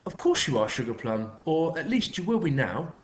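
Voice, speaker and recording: A man's voice: on the high side, very animated, normal speed, slight background noise, pitched above the performer's own voice. A man voicing a scheming middle-aged woman neighbour who talks in a sugary, trilling way full of pet names.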